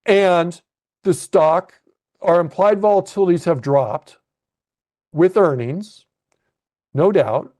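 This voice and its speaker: A man's voice: high voice, expressive, slow, pauses often, darkish tone. A man coaching a live webcast lesson on options trading, thinking aloud as he clicks through trades on his screen and checks in with "okay?". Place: at a computer narrating a screen share.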